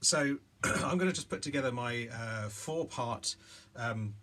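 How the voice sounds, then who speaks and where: A man's voice: mid-range voice, a little slow, fairly bright tone. A man teaching a remote music lesson, talking casually and thinking aloud with lots of fillers. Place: home room with instruments and loop pedal.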